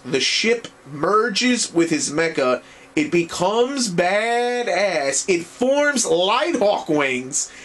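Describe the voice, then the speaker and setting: Rambling, excitable male anime reviewer. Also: high-pitched. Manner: rambling and excitable, swears freely. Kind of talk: casual video review recap.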